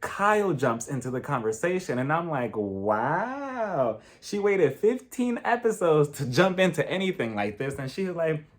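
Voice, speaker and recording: A man giving a casual, gossipy recap of a reality show, dramatic and animated, laughing often. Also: fairly high pitch, normal speed, hardly any pauses. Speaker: reality TV reviewer.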